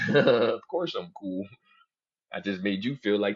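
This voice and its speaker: Low husky-voiced man chatting casually. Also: moderate pace, dull audio. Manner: animated storytelling, mimics other people's voices in quotes. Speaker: podcast host. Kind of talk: casual chat.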